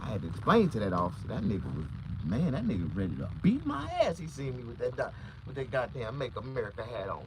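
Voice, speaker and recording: Loud, animated comedian man telling stories. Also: mid-range voice, fast, noisy background. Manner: loud, animated, acts out voices. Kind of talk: profane comic storytelling.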